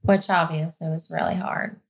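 A woman's voice: deep voice, fairly even intonation, normal speed, creaky. A woman co-hosting a casual chat, mostly giving short listener responses.

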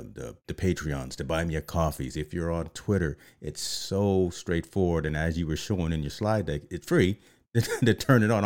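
A man hosting a casual live-streamed chat show, animated and often repeating words as he starts a sentence. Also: low-pitched. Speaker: show host.

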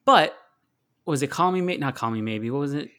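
A man's voice: a little high, lively intonation, brisk, a bit bright. A man co-hosting a casual movie podcast, giving strong opinions in a rambling, self-correcting way. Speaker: podcast co-host. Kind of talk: casual movie-discussion chat.

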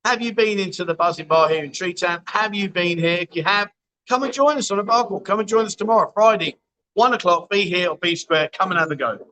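A man's voice: sits high, fairly quick, bright, forceful tone, slight background noise, rough recording. A man hosting a casual livestream from a bar, reading out viewer comments in a chatty, matey way. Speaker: livestream host. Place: bar, indoors.

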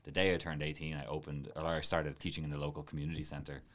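Very deep-voiced, fast-talking man. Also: little pitch movement, a bit bright. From Ireland. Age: late 20s. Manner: rambling, self-deprecating, quick asides. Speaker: martial arts teacher and YouTuber. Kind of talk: casual podcast chat.

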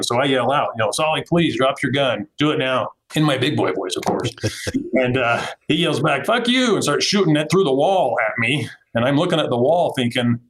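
A middle-aged police officer from Utah, telling a story vividly in a candid interview and acting out the quotes. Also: male voice, mid-range voice, poor audio. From Utah, USA. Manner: vivid, acts out quotes from the scene.

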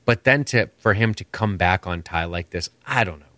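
A man's voice: sits low, normal speed, fairly bright tone, no room sound. A man co-hosting a podcast, chatting casually and opinionated, rambling and swearing freely. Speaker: podcast co-host. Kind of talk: casual chat.

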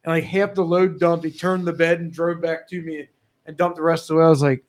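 A young man in casual chat, telling work stories with profanity and loud acted quotes. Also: fairly high pitch, flat delivery, fairly quick. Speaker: podcast guest.

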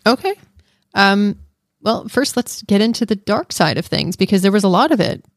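Woman co-host, lively and playfully defensive, middle pitch, dry close recording. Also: moderate pace, no room sound. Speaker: podcast co-host. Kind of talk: casual podcast chat.

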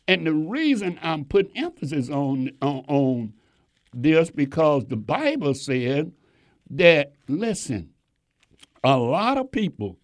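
A man's voice: on the high side, very animated, slow. A man preaching a sermon to his congregation, emphatic and repeating phrases for stress.

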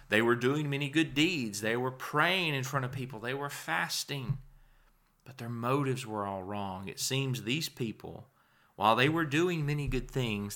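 A man delivering a sermon at an unhurried pace. His voice is bright and forceful, and he presses hard on key words. Between points he slips into plain, conversational asides. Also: mid-range voice. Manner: emphatic, rises and falls in volume for stress. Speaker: preacher.

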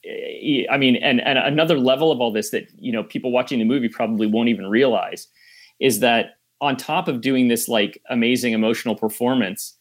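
A man's voice: medium pitch, fairly quick. A man who is a film director, explaining his work at length in a thoughtful, casual interview.

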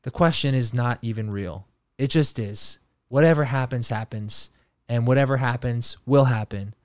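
A man's voice: medium pitch, moderate pace, a little mellow, clean tone, no room sound. A man hosting a podcast, telling a rambling casual story full of fillers and swearing. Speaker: podcast host.

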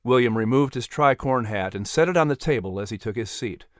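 A man reads a scripted historical story in a measured, even storytelling manner. His voice sits mid-range and the recording is close and dry. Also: medium pitch, no echo. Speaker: narrator.

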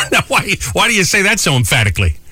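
A middle-aged man hosting a radio show, joking and animated in casual chat. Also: high voice, fast talker, raised voice, over loud music. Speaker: radio host.

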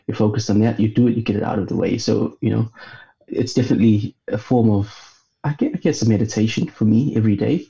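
A man's voice: on the low side, quick pace, gravelly. Yorkshire man on a muffled call. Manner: relaxed, many fillers like "you know". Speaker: guest. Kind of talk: casual conversational interview.

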